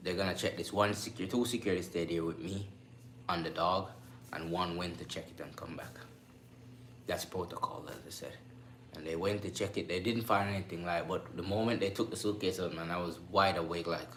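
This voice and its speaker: A man who works on a cruise ship, telling a story to camera in a casual, animated way and acting out sounds and voices. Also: low-pitched, fairly quick. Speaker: cruise ship crew member vlogger. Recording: echoey room with faint background noise.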